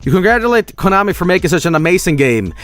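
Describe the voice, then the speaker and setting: High, lively male streamer reading aloud. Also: quick pace. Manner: animated, swearing, breaking into laughter. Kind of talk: reading an AI text adventure aloud.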